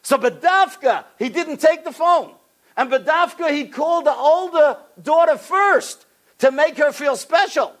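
A rabbi giving a sermon, telling stories with an animated delivery and a voice that climbs on the key points. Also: male voice, very high voice, unhurried. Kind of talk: sermon storytelling.

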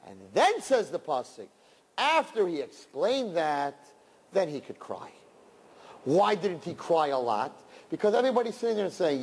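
Animated rabbi with a slightly high voice. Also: male voice, normal speed, breathy edge, in a large hall. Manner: animated storytelling, swings between loud and hushed; uses Yiddish and Hebrew terms. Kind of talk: sermon to young people.

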